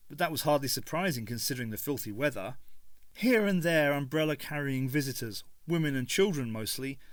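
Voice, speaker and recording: A man reading a novel aloud in an expressive, storytelling manner. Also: medium pitch, dry recording. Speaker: audiobook reader.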